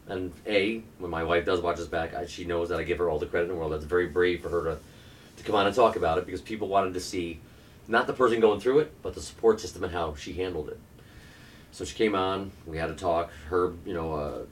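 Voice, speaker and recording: A man's voice: deep voice, far from the mic, slight background noise. A middle-aged man telling a candid, earnest personal story as a podcast guest, now and then swearing. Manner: candid, earnest, occasionally profane.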